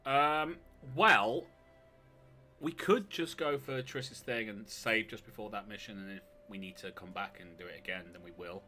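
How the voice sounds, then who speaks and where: A man's voice: lowish voice, normal speed, faint music behind. A man co-hosting a gaming live stream, chatting casually and playfully over gameplay. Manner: playful, jokey, breaks into excited yelps.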